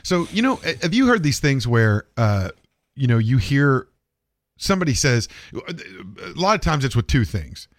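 A man's voice: medium pitch, sing-song, measured pace, no echo, clean studio sound. Rambling profane male podcast host. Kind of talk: casual chat.

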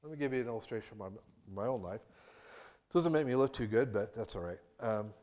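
A man preaching a sermon in a conversational way, with restarts and acted-out quotes, moving between hushed and emphatic. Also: fairly low pitch, expressive, fairly quick.

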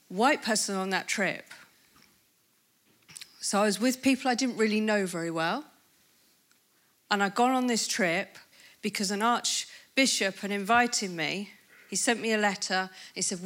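A woman in her fifties speaking at a conference, telling a personal testimony in a lively storytelling way and acting out what people said. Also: mid-range voice, unhurried, long pauses. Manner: lively storytelling with laughs and acted-out quotes.

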